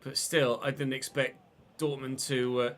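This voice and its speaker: A man with a cough, streaming a football game and commentating live, excitable and swearing freely while chatting to viewers. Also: mid-range voice, a little slow. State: unwell, coughing. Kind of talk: live gameplay commentary and casual chat.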